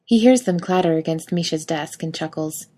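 Brief: female reader, slightly low pitch, wry lively storytelling. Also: moderate pace. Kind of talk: reading fan fiction aloud.

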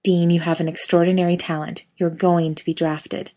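A woman voicing a quiet, stubborn young man. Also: fairly low pitch, level tone, normal speed, natural voice. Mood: insistent. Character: stubborn, anxious young man, soft-spoken.

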